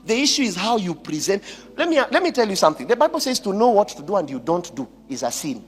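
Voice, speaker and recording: A Kenyan man speaking in a high, lively voice that leaps up and drops low. He preaches his point through pointed rhetorical questions and breaks into Swahili phrases. His voice carries a long reverb, with faint music underneath. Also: fast. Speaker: preacher and commentator. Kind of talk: impassioned spoken commentary.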